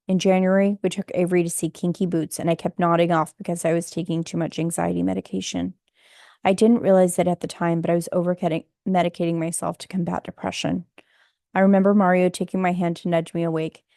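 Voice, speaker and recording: A woman reading a memoir audiobook in a steady, subdued, somber way. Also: lowish voice, no room sound, clean studio sound. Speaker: audiobook narrator.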